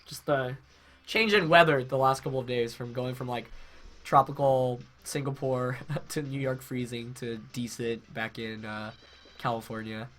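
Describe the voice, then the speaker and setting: A man's voice: mid-range voice, steady tone, measured pace, a bit bright. A young man with a head cold, congested, casually commentating his own match while thinking aloud with fillers and self-corrections. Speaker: game commentator.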